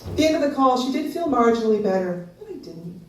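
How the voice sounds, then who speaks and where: On stage at a small live venue with an audience, a woman in her fifties talks fast as she tells a personal story. She's animated, laughs often, and leaps into a high squeal when quoting herself; the echoey room leaves her voice slightly distant with faint background noise.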